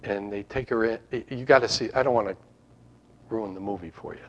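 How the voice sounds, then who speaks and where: A man's voice: fairly low pitch, fairly quick, fairly bright tone, muffled recording. A man preaching an informal sermon to his congregation, rambling and conversational with frequent restarts. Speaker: pastor.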